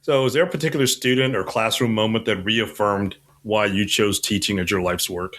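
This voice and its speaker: A man's voice: on the low side, fairly quick, a bit bright. A man hosting a podcast, asking short, plain interview questions. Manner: brief, plain questions and reactions. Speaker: podcast host.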